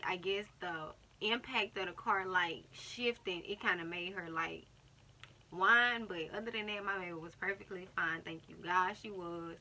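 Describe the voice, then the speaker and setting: A young woman telling a personal story in a casual vlog, acting out what other people said. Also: mid-range voice. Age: young adult. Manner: animated retelling, acting out other people's words. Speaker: vlogger.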